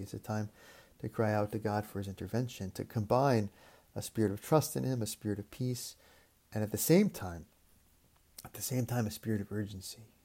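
A man preaching a reflective sermon, speaking in a measured way with repeated phrases and long pauses. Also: lowish voice, warm tone.

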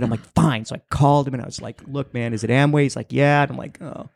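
Rambling, animated male storyteller. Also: fast talker, gravelly, no room sound. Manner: rambling, animated, acts out voices with high pitch jumps. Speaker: podcast co-host. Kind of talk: casual storytelling.

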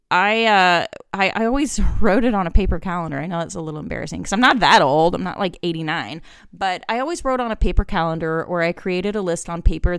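A woman's voice: fairly low pitch, smooth, no room sound, studio quality. A woman in her forties hosting a solo podcast, giving candid, chatty parenting advice and acting out little family conversations. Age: 40s. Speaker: podcast host.

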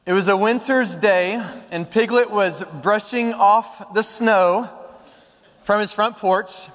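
High-voiced pastor in an echoing church. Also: male voice, fairly even intonation, slow, fairly bright tone. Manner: informal and self-deprecating, reading aloud. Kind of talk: sermon with storybook reading.

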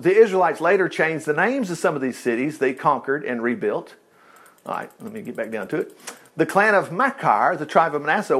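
A man teaches an informal Bible study in a folksy, joking way. His voice sits a little high and swings widely in pitch as he reads verses and acts out what the people in them say. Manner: folksy, jokey, reads scripture aloud and acts out quotes.

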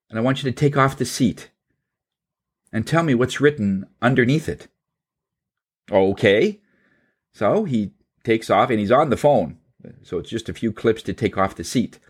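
A man telling a long anecdote in a casual, halting way, voicing the people in it, then drawing a spiritual lesson. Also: medium pitch, breathy edge. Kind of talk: storytelling talk with a spiritual message.

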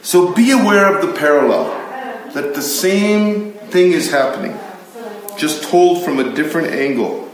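This pastor teaching Bible study speaks unhurriedly in a highish voice with big swings in pitch. His sermon is conversational and emphatic, full of chatty asides, and the room echoes heavily.

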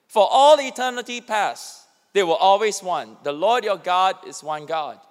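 A man's voice: sits high, long reverb tail. A man pastor preaching a sermon, acting out quoted lines as he speaks. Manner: animated, acts out quoted speech.

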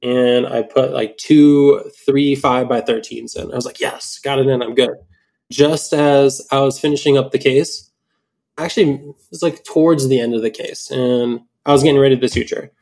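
Animated man recounting a surgery story. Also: medium pitch, normal speed, gravelly. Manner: animated storytelling with quoted inner voice, swearing. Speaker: implant dentist telling a case story. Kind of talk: casual podcast chat.

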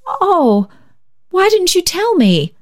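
A woman voicing a timid, hopeful young woman who speaks brightly and falters when nervous. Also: medium pitch, expressive, measured pace, voice pushed up, natural voice. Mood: flustered.

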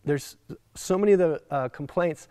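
High-voiced pastor preaching a sermon. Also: male voice, normal speed, no room sound, clean studio sound. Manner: animated, acts out quoted voices.

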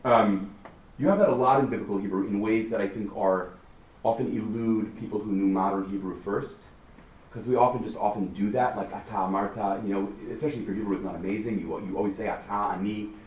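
A man leading a text study class, lively and questioning, thinking aloud as he explains. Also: lowish voice, quick pace. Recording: roomy, far from the mic, faint noise.

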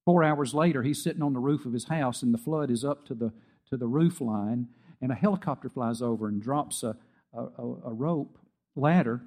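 A man's voice: mid-range voice, moderate pace, a little mellow. A middle-aged man preaching a sermon as pastor, telling stories with acted-out quotes and emphatic peaks.

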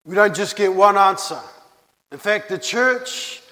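A high-voiced man delivers a sermon at a slow, deliberate pace. He leans on repetition to drive home his key phrases. His voice carries a long reverb, as if filling a church hall. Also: sharp tone. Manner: earnest, repeats key phrases for emphasis. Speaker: pastor.

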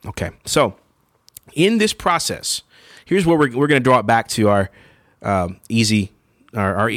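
A man's voice: mid-range voice, no echo, studio quality. A man preaching a sermon in a conversational teaching style, often checking in with his listeners and restarting phrases. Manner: conversational, checks in with "okay?" and "all right?"; frequent fillers and restarts. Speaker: pastor.

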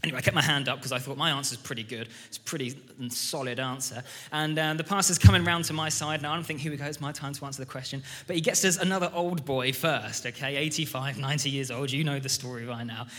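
Bright-voiced preacher in a ringing hall. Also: male voice, mid-range voice, steady tone, quick pace, hardly any pauses. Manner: enthusiastic, conversational, storytelling. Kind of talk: sermon. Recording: reverberant church hall.

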